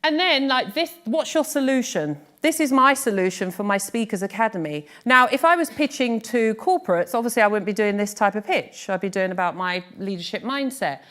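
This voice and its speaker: A middle-aged British woman giving a live workshop talk on pitching, chatty and lively, teasing her audience. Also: brisk, hardly any pauses. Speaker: business speaking coach. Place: workshop room before an audience.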